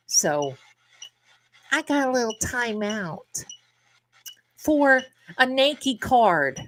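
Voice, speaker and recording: A woman's voice: a little high, sing-song, drawn-out words, pauses often, fairly bright tone, slight background noise. A middle-aged woman hosting a live tarot stream, chatting casually and rambling to her viewers, calling them her darlings.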